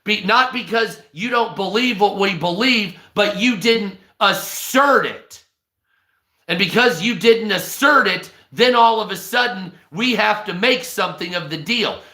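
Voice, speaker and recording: A man's voice: high voice, unhurried, pushed and bright. A man on a livestream, delivering a crude, heavily profane rant and thanking viewers mid-sentence. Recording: echoey room.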